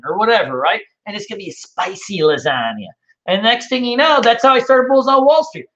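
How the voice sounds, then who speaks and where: High, bright-voiced man hosting a webinar. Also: a little fast, muffled recording. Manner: loose, rambling and animated, with many fillers. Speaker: trading webinar host. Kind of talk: casual live webinar Q&A.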